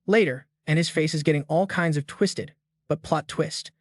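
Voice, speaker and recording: A man's voice: fairly high pitch, moderate pace, dry recording, clean studio sound. A man narrating a story recap in a scripted, slang-heavy style with jokey asides.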